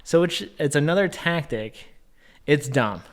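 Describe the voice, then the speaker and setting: A man's voice: a little high, lively intonation, measured pace. A man co-hosting a podcast, chatting casually and joking with frequent laughter. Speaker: podcast co-host. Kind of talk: casual chat.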